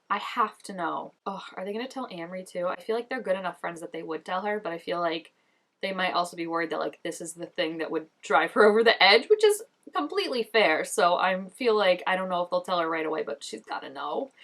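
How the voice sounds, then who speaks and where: A woman's voice: fairly low pitch, lively intonation, a little fast, a bit bright. A young woman reacting to a show episode in casual, gushing commentary, chatty and full of "like". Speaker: reaction vlogger.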